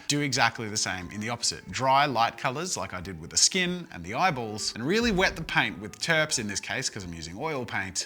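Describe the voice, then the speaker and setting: A man in his thirties talks through his painting with an energetic, chatty enthusiasm. His voice is bright and swings widely in pitch. Faint music runs underneath. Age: 30s. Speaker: art YouTuber. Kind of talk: narrated painting vlog.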